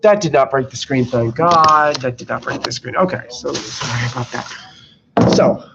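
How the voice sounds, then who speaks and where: A man's voice: mid-range voice, moderate pace, vocal fry. Sick young man ranting, swearing nonstop. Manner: rambling, swears constantly, exasperated. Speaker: streamer telling work stories. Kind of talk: casual live-stream storytelling. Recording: slightly dull lo-fi mic with faint noise.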